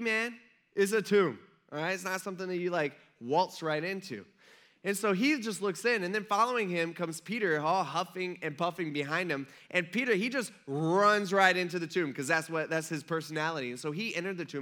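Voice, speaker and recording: A man's voice: fairly high pitch, sharp tone. A man in his thirties preaching a casual sermon as pastor, chatty and joking as he retells the story. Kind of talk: casual sermon with humorous asides.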